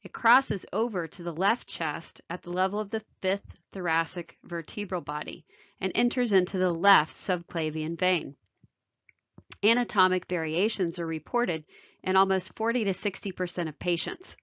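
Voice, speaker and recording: Woman surgeon giving a measured medical lecture. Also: fairly low pitch, fairly bright tone, dry recording, dull audio. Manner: measured, technical delivery. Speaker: thoracic surgeon.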